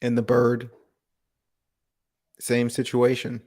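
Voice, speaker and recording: A man giving a calm, reflective spiritual talk on a live broadcast, asking gentle rhetorical questions. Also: mid-range voice, takes it slowly. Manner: calm, contemplative, asks rhetorical questions, laughs softly.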